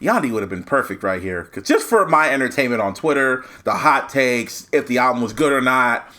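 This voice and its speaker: A man's voice: medium pitch, expressive, brisk, bright, forceful tone. A man co-hosting a podcast, giving strong opinions in casual chat. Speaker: podcast co-host.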